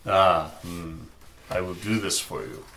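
A man's voice: sits low, lively intonation, a little slow, fairly bright tone, slight background noise. A man voicing a wry Russian forger with a put-on Russian accent. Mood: gruff, wry. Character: gruff older Russian male forger, dry and wry.

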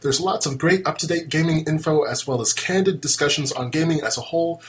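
A man's voice: fairly high pitch, a little fast. A man from the United States hosting a casual podcast and reading out listener messages. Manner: easygoing, reads listener messages aloud. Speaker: podcast host.

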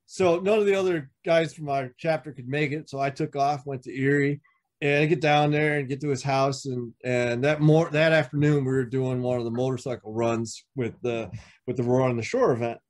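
A man's voice: fairly even intonation, moderate pace. Profane man telling biker stories. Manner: profane, acts out quoted dialogue with shifting pitch. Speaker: podcast guest, veteran motorcycle club member. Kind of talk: casual storytelling.

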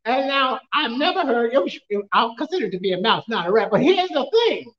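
High-voiced pastor preaching in an echoey church. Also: male voice, sing-song, brisk, lo-fi sound. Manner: storytelling, humorous, laughs often; rising to shouted questions. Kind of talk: sermon.

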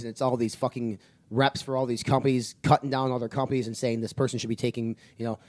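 A man's voice: medium pitch, darkish tone, no room sound. Male podcast host, blunt and profane, dry close-miked sound. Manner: blunt, heavy swearing, rants. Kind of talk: casual podcast chat.

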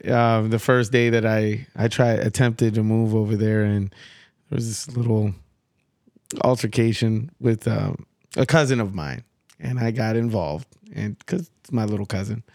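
A man's voice: lowish voice, moderate pace, gravelly, no echo, studio quality. A man from Milwaukee, born in the Bronx, hosting a casual interview and affirming often. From born in the South Bronx, raised in Milwaukee. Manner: relaxed, frequent affirming backchannels. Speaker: host.

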